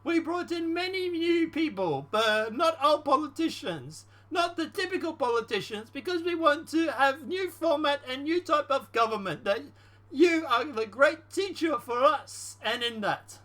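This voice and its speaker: A man voicing a flattering Ukrainian president in a put-on Russian-style accent while reading a call transcript aloud. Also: extremely high pitch, a little slow, pitched above the performer's own voice, exaggerated voice. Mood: eager.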